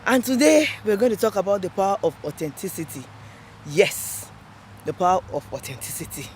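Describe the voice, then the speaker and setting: A woman talking earnestly to camera while walking outdoors, repeating herself and filling pauses with "you know". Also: medium pitch, sing-song, darkish tone, a little hiss or hum. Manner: earnest, repetitive, many "you know" fillers. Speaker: vlogger on a walking challenge. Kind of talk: reflective walking vlog talk. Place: outdoors, walking near a road.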